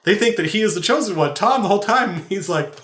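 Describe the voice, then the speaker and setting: Rambling, animated man recounting a game. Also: sits high, fast. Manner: rambling, laughing, many restarts. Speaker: game master and podcast host. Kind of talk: casual anecdotal storytelling. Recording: roomy echo.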